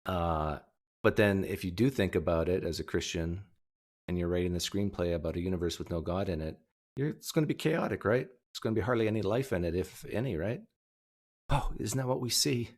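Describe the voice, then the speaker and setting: Male livestream host, low voice, casual, quick joking asides to his chat. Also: a little mellow.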